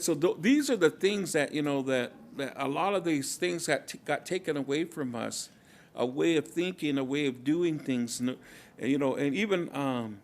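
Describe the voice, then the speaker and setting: A man speaking at a conference in a reflective, halting way, often repeating words and using many fillers. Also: fairly high pitch. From Kumeyaay community, Southern California. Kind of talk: casual, reflective talk.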